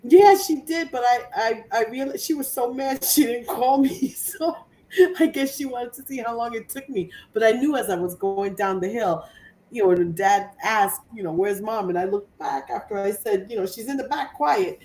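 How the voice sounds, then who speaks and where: A woman's voice: a little high, moderate pace, a little mellow, a little hiss or hum. A woman chatting casually and telling a funny family story, laughing often as she talks. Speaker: co-host of a crafting live show. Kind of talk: casual chat. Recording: echoey room from far off.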